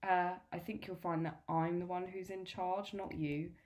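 A woman reading aloud the lines of a gentle, loving mother in a story, reassuring and calm. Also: lowish voice, unhurried, natural voice.

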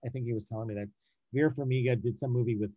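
A man, a casting director and writer, talking in a casual interview, animated and emphatic, often repeating words to stress a point. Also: mid-range voice, rapid-fire, husky, dry recording, dull audio.

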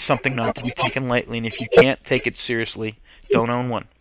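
This podcast host's mid-range voice barely moves in pitch, and he talks fast in a dry recording that's slightly muffled with faint hiss. He speaks earnestly and with emotion, sometimes reading aloud and often correcting himself mid-word.

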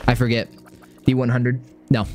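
Excitable, swearing young man streaming a game. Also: medium pitch, moderate pace, faint music behind. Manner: excitable, swears a lot, repeats phrases. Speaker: gaming streamer. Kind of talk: live gameplay commentary.

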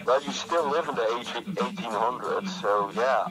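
A man co-hosts a podcast over the phone in loose, joking banter, swearing freely. His voice sits at an everyday pitch, with clear music audible behind him. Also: lively intonation, unhurried, rough recording. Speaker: podcast co-host. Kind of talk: casual chat over a phone call.

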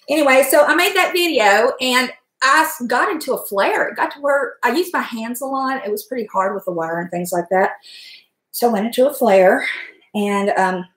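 Chatty middle-aged woman, cooking vlogger, higher voice, echoey home kitchen. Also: fairly bright tone. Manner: chatty, rambling, talks to viewers by name. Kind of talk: casual chat while cooking.

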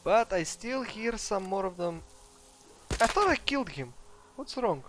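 A man with a Russian accent giving chatty, excitable let's play commentary to his viewers. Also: sits high, a little slow, a little hiss or hum. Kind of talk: gameplay commentary.

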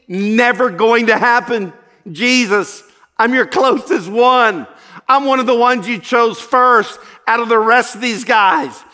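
A male pastor voicing an earnest, impulsive male disciple who pleads in halting, repeated phrases. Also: high voice, bright, forceful tone, big-room sound, full character voice.

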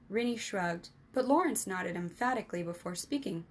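A woman narrating a children's adventure story, lifting her voice higher and louder for the boys' lines. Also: animated, normal speed, hardly any pauses. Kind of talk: scripted narration.

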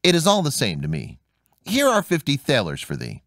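A man's voice: medium pitch, huge pitch swings, moderate pace, a bit bright, dry recording, studio quality, pitched above the performer's own voice. A man voicing a weary, exasperated old father who scolds in old-fashioned speech, in a storybook reading. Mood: angry.

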